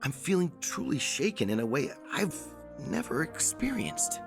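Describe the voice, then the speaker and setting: An actor playing a kind, rational middle-aged scientist and father, narrating an audio drama in a gentle, measured way. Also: on the high side, very animated, creaky, over music.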